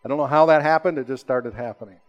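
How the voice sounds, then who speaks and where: A man preaching a sermon, rising to emphatic high peaks and then dropping to slow, hushed, low lines. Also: dull audio. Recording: long hall reverb.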